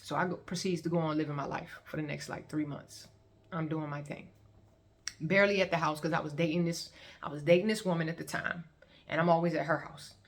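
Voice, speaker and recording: A woman with a deep, fairly even voice speaks fairly quickly. A vlogger sharing her testimony, she tells viewers her own story in a casual, chatty, colloquial way, often breaking into laughter.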